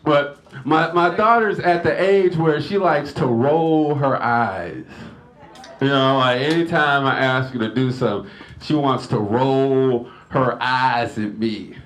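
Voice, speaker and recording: A man doing a stand-up comedy set at a lodge, telling family stories, acting out the people in them with shouts and laughing at his own jokes. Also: medium pitch, takes it slowly. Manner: animated storytelling, acting out family members in shouted bits. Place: lodge hall before a live audience.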